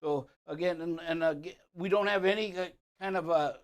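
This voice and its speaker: A man's voice: on the high side, fairly quick. A man hosting a live talk show segment on trucking safety, talking loosely with lots of uh and um. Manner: loose, rambling, many fillers.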